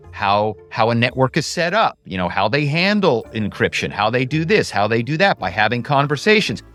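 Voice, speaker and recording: A man, a former actor, telling stories as a podcast guest in an animated, chatty way, often saying "you know". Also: mid-range voice. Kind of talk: casual interview talk.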